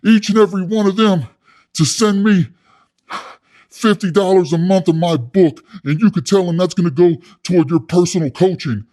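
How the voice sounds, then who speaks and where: A man doing a comic impression of a loud, boastful male prison coach who bosses people around. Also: on the high side, normal speed, pitched above the performer's own voice, close to an everyday voice. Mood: bossy boasting. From California. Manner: loud, aggressive, boastful, calls others soft boy. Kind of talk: comedic impression.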